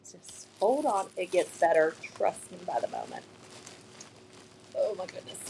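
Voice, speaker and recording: A woman's voice: on the high side, a little hiss or hum. A chatty woman, showing new shop products on a casual live stream and reading funny signs aloud with giggles.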